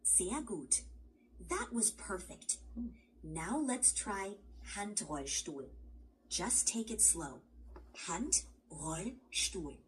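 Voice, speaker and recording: A woman's voice: medium pitch, slow, slight background noise. A woman's voice, computer-made, guiding a language lesson in a patient, encouraging way. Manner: patient, encouraging, even-paced. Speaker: language tutor assistant.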